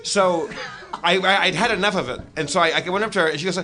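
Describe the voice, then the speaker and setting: A man's voice: high voice, fast talker, noisy background. A man hosting a comedy podcast, telling a story animatedly and acting out the voices of the people in it.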